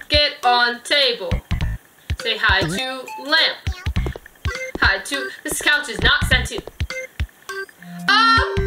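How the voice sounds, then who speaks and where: Young woman host, high lively voice, playful let's-play chatter over game music. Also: poor audio. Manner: giggly, playful, talks to game characters. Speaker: gaming video host. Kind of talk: casual let's-play commentary. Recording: music playing behind the voice.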